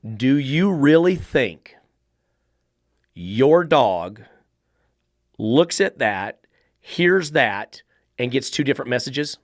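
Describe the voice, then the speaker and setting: A man's voice: mid-range voice, sing-song, slow pace, pauses often, dry recording, studio quality. Blunt, profane man. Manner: blunt, profane, fires rhetorical questions. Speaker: dog trainer, podcast host. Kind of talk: podcast monologue.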